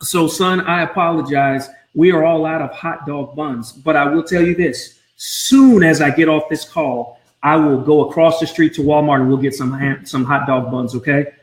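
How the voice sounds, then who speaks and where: A man's voice: on the high side, moderate pace, hardly any pauses. A man coaching blended families on a live stream from home, speaking earnestly and often repeating his words. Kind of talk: Facebook Live talk. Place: home room. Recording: roomy echo.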